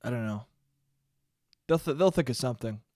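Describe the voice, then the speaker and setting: A young man hosting his own podcast, ranting alone in a casual, profane, animated way and calling listeners "dude.". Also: mid-range voice, normal speed, no echo. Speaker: podcast host. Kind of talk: solo podcast rant. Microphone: studio mic he checks the levels on.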